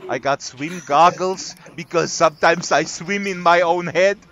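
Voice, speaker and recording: A man's voice: fairly high pitch, unhurried, bright, forceful tone, lo-fi sound, a little hiss or hum. A man hosting a casual live stream chat in a virtual world, playful and joking with a rowdy group. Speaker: host.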